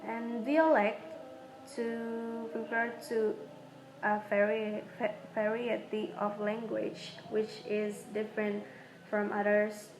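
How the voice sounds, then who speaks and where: A young woman whose first language is Indonesian, a student reading her prepared exam answers aloud in short, halting phrases that often stumble. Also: mid-range voice, level tone, background noise.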